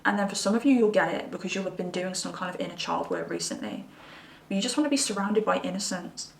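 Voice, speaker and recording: A woman's voice: lowish voice, sing-song, fast talker, gravelly, far from the mic. A woman giving a chatty, reassuring pick-a-card tarot reading. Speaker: tarot reader. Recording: roomy sound from away from the mic.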